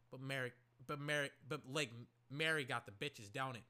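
Bright-voiced guy rambling over a basketball game. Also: medium pitch, moderate pace, hardly any pauses, clear, resonant tone. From Oakland, California. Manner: rambling, lots of "like", bursts of excited shouting. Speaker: basketball watcher commentating a game. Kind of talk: casual play-by-play while watching.

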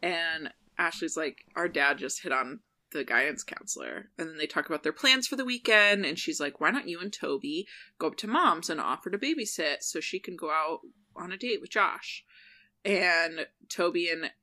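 Bright-voiced woman co-hosting a podcast, running through a tv episode fast, quoting everyone's lines and laughing a lot. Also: on the low side, expressive. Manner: retells scenes quickly, acting out the characters' lines in quotes, laughs often. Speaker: podcast co-host. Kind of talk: casual recap of a TV episode.

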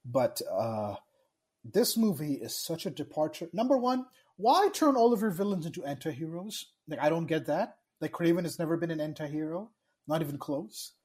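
A man's voice: a little high, expressive, normal speed, darkish tone. A man co-hosting a casual podcast chat, ranting with exasperation and swearing often. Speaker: podcast co-host.

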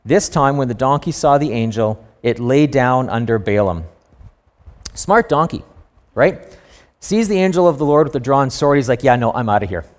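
A man preaching to a congregation, retelling a scripture story in an animated way. He breaks into humorous asides and voiced reactions, and his pitch sits right in the ordinary middle for a man. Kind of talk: sermon.

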